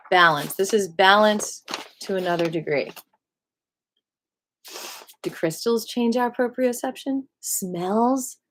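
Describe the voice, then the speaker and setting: A woman teaching qigong in a casual spoken lesson, asking many rhetorical questions and acting out other people's voices with animation. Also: a little high.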